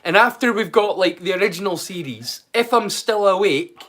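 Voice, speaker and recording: Chatty Scottish man, slightly high voice. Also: lively intonation, moderate pace, fairly bright tone. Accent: Scottish, mixed and borrowed. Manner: rambling and chatty, answers his chat directly. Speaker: live-stream host. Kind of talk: casual live-stream watch-along chat.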